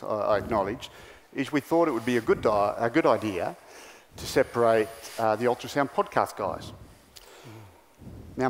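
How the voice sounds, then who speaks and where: A man presenting on stage at a conference, jokey and halting with fillers. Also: mid-range voice, long reverb tail, a little hiss or hum. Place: large conference hall.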